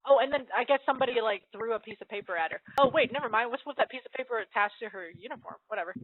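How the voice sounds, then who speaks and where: A woman's voice: fairly high pitch, very fast, few pauses, no echo. A woman casually reading a comic aloud, giggling and stumbling over the lines as she goes. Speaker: host. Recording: tinny phone-like dry audio.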